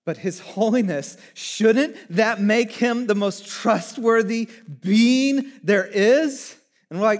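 A man preaching a sermon as pastor, animated, swinging from hushed lines to near shouting. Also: sits high, takes it slowly.

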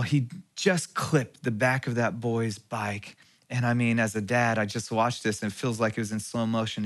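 A middle-aged man preaching a sermon as pastor, telling a personal story, dropping to a hush and then rising again. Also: mid-range voice. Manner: storytelling with swings between hushed and raised passages.

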